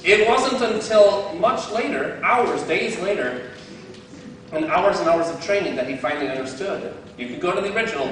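Outdoors, a man gives a relaxed faith talk as a lay speaker, joking at his own expense and frequently laughing at himself. His voice is high-pitched and fairly bright, and the recording is very echoey and far from the mic.

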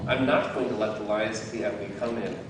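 A man's voice: fairly low pitch, steady tone, fast talker, heavy background noise. A man preaching a sermon as a guest speaker, candid and self-deprecating, with bursts of laughter. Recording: very echoey hall, heard from some distance.

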